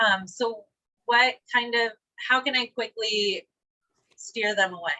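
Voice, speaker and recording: A woman from the audience asking a speaker a question, thoughtful and pausing to find her words. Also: a little high, bright, forceful tone, highs cut off.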